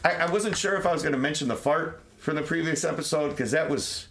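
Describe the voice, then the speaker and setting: A man co-hosts a loose, joking podcast, circling back over his words and breaking into loud laughter. His voice sits a little high. The chat stays casual throughout. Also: fast talker. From Italian-American. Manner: laughs loud and often, rambling with restarts. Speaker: podcast co-host. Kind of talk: casual banter.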